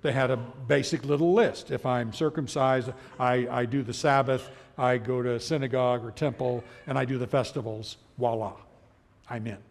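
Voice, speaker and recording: A middle-aged man with a gravelly, fry-edged voice teaches a Bible class in a church hall. He tells his stories with animation, slipping into the voices of the people he quotes and chuckling between points. A long reverb trails every phrase. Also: mid-range voice, steady tone, normal speed. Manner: chuckles as he talks.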